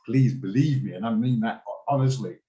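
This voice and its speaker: A man's voice: on the low side, moderate pace, mellow, muffled recording. Chatty man coaching a trading class. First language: English. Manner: chatty, rambling, laughs often. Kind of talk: live online trading class. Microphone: video call.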